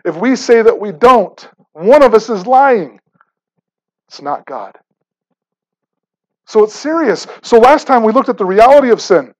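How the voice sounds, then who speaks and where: A man's voice: high voice, very animated, measured pace, long pauses, highs cut off. A man preaching a sermon in a conversational, emphatic way, often repeating words as he starts phrases. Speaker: pastor.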